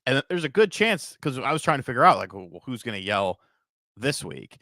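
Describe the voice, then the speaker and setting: A man's voice: medium pitch, big pitch swings, fairly quick, sharp tone, no echo, studio quality. A man hosting a podcast livestream in a rambling, casual way, swearing and reading donations, tired from a short night. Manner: rambling, swears casually, laughs at own bits. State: tired from little sleep. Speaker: podcast host.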